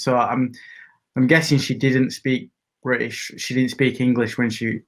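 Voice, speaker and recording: A man's voice: medium pitch, unhurried. Tentative man thinking aloud. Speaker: podcast co-host. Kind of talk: casual chat.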